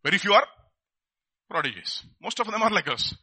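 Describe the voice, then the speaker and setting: Animated preacher, bright high voice. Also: male voice, fairly quick, husky, no echo. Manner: animated, rhetorical questions, mimics people. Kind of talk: sermon.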